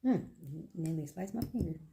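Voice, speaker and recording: On a very noisy tarot livestream, a young woman with a lowish voice speaks at a normal speed. She reads viewers' questions aloud and answers them in loose slang, laughing a lot as she tells stories.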